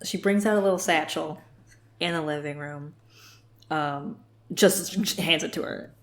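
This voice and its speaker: A woman's voice: deep voice, a little slow, fairly bright tone. A woman co-hosting a podcast in casual chat, laughing often and acting out characters as she retells a story. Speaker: podcast co-host. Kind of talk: casual book-club chat.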